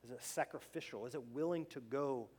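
A pastor preaching a conversational sermon. He often restarts his phrases and grows louder as he drives a point home. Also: medium pitch, fairly quick, slightly rough.

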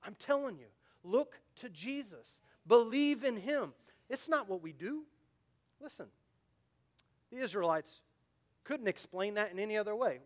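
A male pastor delivering a sermon in a high, light voice. He pleads with his listeners directly and earnestly. He rises to loud, urgent emphasis and sinks to hushed, low asides. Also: lively intonation, a little slow.

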